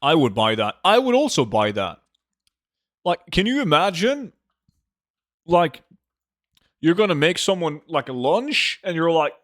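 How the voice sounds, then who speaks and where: Man, gaming streamer at a desk mic. Slightly high voice, dry close sound, casual jokey chat with frequent swearing. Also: sing-song, unhurried, a bit bright, no room sound. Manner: joking, swears freely, hums to himself. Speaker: gold-farming game streamer. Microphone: desk microphone.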